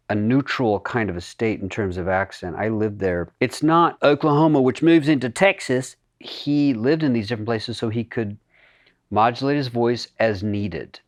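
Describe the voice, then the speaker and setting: A man who is an actor, talking as a guest in a podcast interview, animated and laughing often. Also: mid-range voice, no room sound. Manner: animated, talks with his hands in his voice, laughing often.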